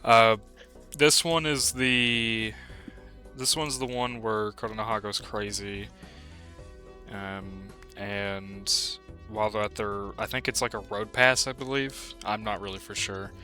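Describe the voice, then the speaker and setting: A man's voice: fairly low pitch, steady tone, takes it slowly, bright, forceful tone, faint music behind. A young man co-hosting a casual chat, rambling loosely and laughing easily. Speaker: co-host.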